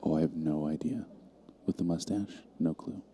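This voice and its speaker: A man's voice: very deep voice, steady tone, normal speed, dark tone, slight background noise. A man calling a live pool match in an easygoing, dry play-by-play manner. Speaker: pool commentator. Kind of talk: live stream commentary.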